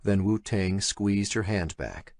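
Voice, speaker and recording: A male narrator reading a thriller audiobook in a measured, expressive storytelling manner. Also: fairly low pitch, no room sound. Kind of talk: scripted horror thriller narration.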